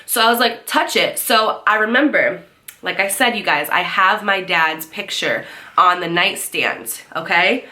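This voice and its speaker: Young woman on a storytime vlog, bright clear voice, animated, swears a lot, acts out everyone's lines. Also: medium pitch. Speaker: vlogger telling a story. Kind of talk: storytime chat to camera.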